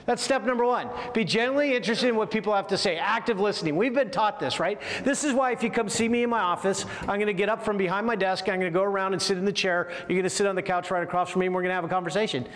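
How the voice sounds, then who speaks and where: High-voiced man lecturing in a reverberant hall. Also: very fast, hardly any pauses. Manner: lively, asks the audience frequent rhetorical questions. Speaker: communication course instructor. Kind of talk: leadership training talk to military officers. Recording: echoey hall with long reverb.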